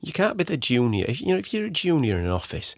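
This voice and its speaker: A man's voice: a little high, wildly swooping pitch, fast, dry recording, studio quality. A man hosting a solo podcast, giving advice in a casual, rambling way full of "you know" and restarts. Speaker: podcast host.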